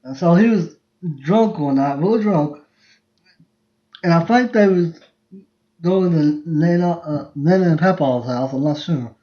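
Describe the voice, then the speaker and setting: This podcast host is in his 20s, with a fairly high pitch, a slightly slow pace and frequent pauses. He rambles and laughs through repetitive family stories, casually, over a phone livestream. The audio is roomy, dull and lo-fi.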